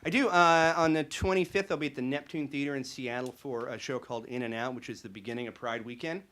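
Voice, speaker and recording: A male comedian at a live show, talking with an animated storyteller's energy. His voice sits at an everyday middle pitch. He drifts easily between chat and acted-out bits. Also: quick pace, background noise. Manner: animated storytelling, acting out characters in quotes. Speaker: stand-up comedian. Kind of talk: stand-up set then interview chat.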